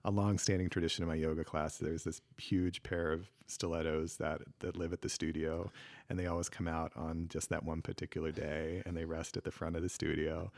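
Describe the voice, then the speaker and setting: A man's voice: very deep voice, flat delivery, brisk, gravelly, a little mellow, no room sound. A middle-aged man, a yoga teacher, talking in a casual interview with a thoughtful, reflective manner and many fillers.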